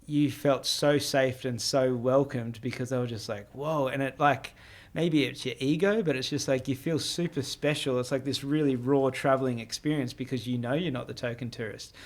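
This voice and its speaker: A man's voice: medium pitch, fairly even intonation, normal speed. A man hosting a podcast, talking in a casual, reflective way with many fillers. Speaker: podcast host. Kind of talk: casual conversational interview.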